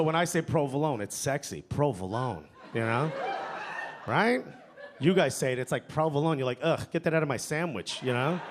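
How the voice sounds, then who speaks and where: A man doing a stand-up set on a club stage into a handheld mic. He talks in a chatty way, tags his lines with "you know?" and "okay?", and laughs along at his own jokes. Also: medium pitch. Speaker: stand-up comedian. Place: comedy club stage before a live audience. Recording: live club recording, audience laughter and noise.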